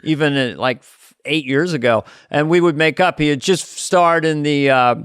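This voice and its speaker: A man's voice: fairly high pitch, moderate pace, fairly bright tone, smooth, no echo, studio quality. A man co-hosting a comedy podcast in a loose, rambling chat, acting out quoted lines as he goes. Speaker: podcast co-host.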